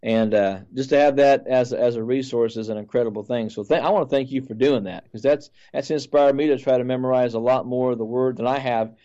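A man's voice: medium pitch, fairly even intonation, fairly quick, few pauses, mellow, lo-fi sound. A man who is a pastor and a guest on the show, speaking earnestly and often repeating words as he talks. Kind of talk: sermon-like testimony.

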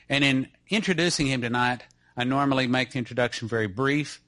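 A man's voice: medium pitch, moderate pace, a bit bright, no room sound. Earnest middle-aged man telling a story. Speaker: church speaker introducing a guest. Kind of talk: testimony-style talk to an audience.

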